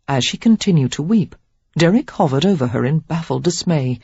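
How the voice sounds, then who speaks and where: Woman narrator, audiobook reading, husky voice, lively pitch, dull dry recording. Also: dry recording. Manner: expressive, measured reading. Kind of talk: scripted narration.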